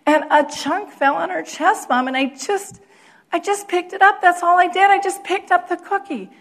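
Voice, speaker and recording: A woman voicing her upset teenage daughter, pleading in a high, tearful voice. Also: steady tone, normal speed, a bit bright. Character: upset teenage girl on the verge of tears.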